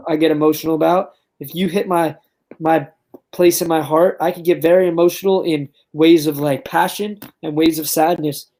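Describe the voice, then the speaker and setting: A man's voice: fairly high pitch, steady tone, normal speed, a little mellow. A young man as an interview guest, talking earnestly and enthusiastically in casual chat, with lots of "like" and "um". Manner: earnest, enthusiastic, uses filler words like "like" and "um".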